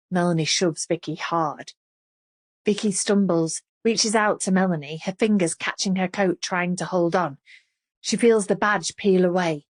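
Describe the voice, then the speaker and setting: A woman reading a thriller audiobook in measured, dramatic narration. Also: fairly low pitch. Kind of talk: scripted narration.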